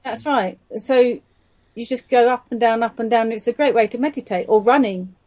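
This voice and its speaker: Female guest, chatty and agreeable, slightly higher voice. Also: moderate pace, mellow. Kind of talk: conversational interview.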